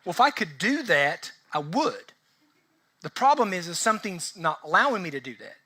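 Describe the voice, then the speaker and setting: A pastor delivers a relaxed, conversational sermon with a high, bright voice. He keeps checking in with the congregation through quick rhetorical questions, talking like he's chatting with friends.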